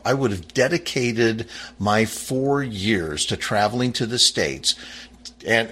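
Husky, impassioned male commentator. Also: a bit bright. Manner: fervent, emphatic and rising in pitch when angry, with frequent restarts. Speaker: political commentator. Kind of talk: impassioned monologue reading from a founding text.

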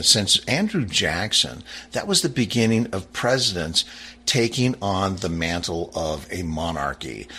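A man's voice: sharp tone, husky. A man giving an impassioned political monologue, reading aloud and commenting on it, emphatic, with frequent restarts. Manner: fervent, emphatic and rising in pitch when angry, with frequent restarts.

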